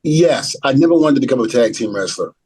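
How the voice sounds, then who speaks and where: A man's voice: medium pitch, lively intonation, fairly quick, a little mellow, slightly rough, no room sound, poor audio. A middle-aged man, a retired wrestler being interviewed, telling a story and acting out the dialogue as he goes. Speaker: retired pro wrestler, guest.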